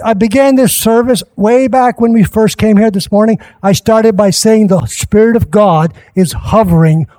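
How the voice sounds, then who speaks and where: A male pastor preaching a sermon at a church service, impassioned and rising at times to shouts. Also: sits high.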